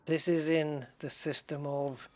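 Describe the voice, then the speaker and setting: A casual game streamer talking through play live, thinking aloud and tallying things up as they go. The delivery is chatty and relaxed, with quick restarts and asides to viewers. The pitch sits in the middle of the range. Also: slight background noise. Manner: thinks aloud, counts items and chats with viewers. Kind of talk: live gameplay commentary.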